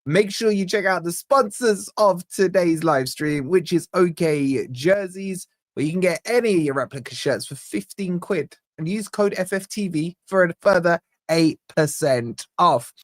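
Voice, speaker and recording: A man hosts a live stream in an upbeat, chatty way, giving shout-outs as he reads super chats. His voice sits a touch high. The sound is dry and close to the mic. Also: moderate pace, hardly any pauses, dry recording. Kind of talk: casual live stream chat.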